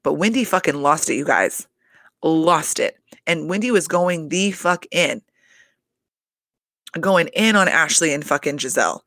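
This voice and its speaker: A man recapping a reality show in loose, rambling chat, packed with fillers and swearing. His voice sits a little high and has a gravelly edge. The sound is dry and close, with no room around it. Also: expressive, a little slow, sharp tone, no echo. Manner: rambling, heavy "like" fillers, frequent swearing and laughter. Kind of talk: casual profane recap.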